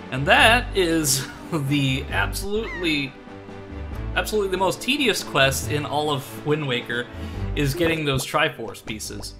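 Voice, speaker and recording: A man chatting through a game stream in a loose, rambling way, quick to laugh at himself. His voice sits a little high for a man. Game music plays clearly underneath. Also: lively intonation. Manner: rambling, self-deprecating, laughs often. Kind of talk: casual let's-play commentary.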